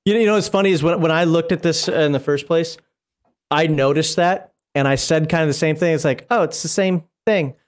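High-voiced man, laughing co-host. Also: fairly quick. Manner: laughs often, teasing and wry. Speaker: podcast co-host. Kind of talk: casual chat.

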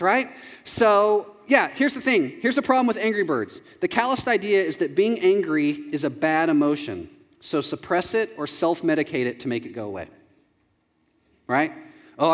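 A male pastor delivers a sermon in a lively, joking way, swinging his pitch up and down as he acts out little quotes. His voice sits a bit high for a man. It rings with the long reverb of a large hall. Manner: animated and jokey, acting out quotes with big jumps in pitch.

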